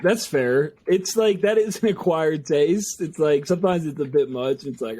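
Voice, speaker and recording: A man's voice: a little high, normal speed, dark tone. A young man co-hosting a music review podcast, chatting casually with lots of fillers, swearing and laughter. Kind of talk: casual chat.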